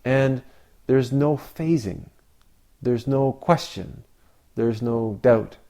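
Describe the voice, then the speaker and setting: Man, Zen teacher, dharma talk, unhurried, mid-pitched, rhetorical questions. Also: warm tone. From Canada. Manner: slow, reflective, with long pauses and rhetorical questions.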